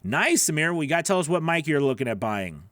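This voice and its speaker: A man's voice: a little high, sing-song, fast talker, a bit bright, no echo. Chatty man coaching on a live stream, dry sound. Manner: rambling, answers viewer comments, many restarts. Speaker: voice-over coach hosting a live Q&A.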